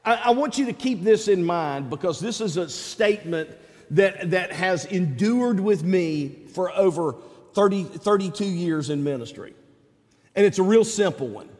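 A middle-aged man preaching a sermon as pastor, folksy and animated, sometimes rising to shouts. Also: high voice, normal speed, long reverb tail.

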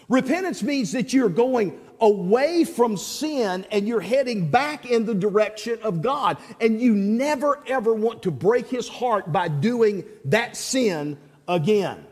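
Pastor guy preaching, high voice, says stuff twice, church echo hanging on. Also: animated, slow, darkish tone. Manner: emphatic, repeats words, addresses congregation directly. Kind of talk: sermon. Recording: long hall reverb.

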